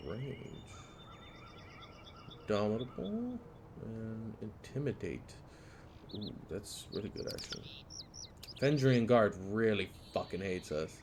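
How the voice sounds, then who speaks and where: A man's voice: fairly low pitch, a little hiss or hum. Casual man streaming a game. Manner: casual, musing, swears. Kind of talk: live game commentary.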